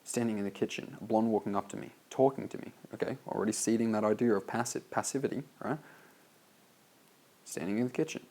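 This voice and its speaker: A man's voice: lowish voice, fairly even intonation, quick pace, vocal fry, hardly any pauses, dark tone. An Australian man reading his own sales copy aloud and critiquing it in a loose, casual way, full of "like" and swearing. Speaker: copywriter reviewing a sales letter.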